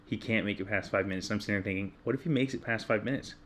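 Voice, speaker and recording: Candid dad telling a late-night story. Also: male voice, lowish voice, racing, a little hiss or hum. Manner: candid, self-deprecating, animated when retelling his own yelling. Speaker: podcast co-host. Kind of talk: casual storytelling chat.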